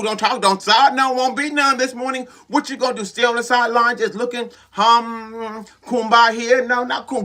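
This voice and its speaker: A woman's voice: mid-range voice, a bit bright. A woman hosting a live-streamed empowerment show, preaching with call-and-response declarations and constantly urging "listen" and "come on". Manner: exhorting, repeats "listen" and "come on". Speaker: host and preacher.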